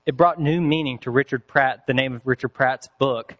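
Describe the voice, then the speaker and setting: A man preaching a sermon, telling a story with deliberate pacing and dramatic pauses. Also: mid-range voice, highs cut off, a little hiss or hum. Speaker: pastor.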